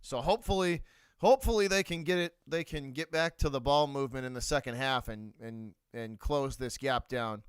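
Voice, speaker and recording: A man's voice: medium pitch, moderate pace, clean tone, dry recording. A man with a Boston accent hosting a live sports reaction stream, talking bluntly and repeating his points. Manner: blunt, repeats himself, shouts out viewers. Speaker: livestream host.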